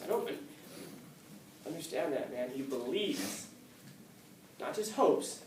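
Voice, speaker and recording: Animated male teacher lecturing in an echoey room. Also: a little high, slight background noise. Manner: animated storytelling, acts out quotes, frequent restarts. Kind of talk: classroom lecture. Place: classroom. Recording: echoey classroom from far off.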